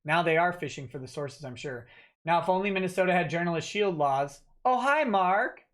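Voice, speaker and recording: This livestream host has a fairly high, fairly quick voice as he reads donations aloud. He responds in casual, off-the-cuff chat with lots of fillers and restarts.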